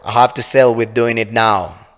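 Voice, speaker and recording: A man's voice: mid-range voice, steady tone, moderate pace, fairly bright tone, close to an everyday voice. Male narrator as a mocking, cold-hearted fairy; storybook villain, hall reverb. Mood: sneering. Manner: sneering, condescending. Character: cruel smug female fairy, mocking and cold. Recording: long reverb.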